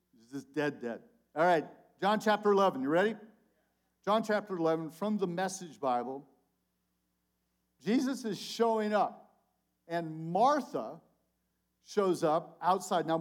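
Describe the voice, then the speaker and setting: An older man delivers a sermon in a loose, conversational style. He swings from loud, emphatic calls to soft, low asides, and his voice sits a little high for a man. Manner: animated, conversational preaching with big swings in volume. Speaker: conference speaker.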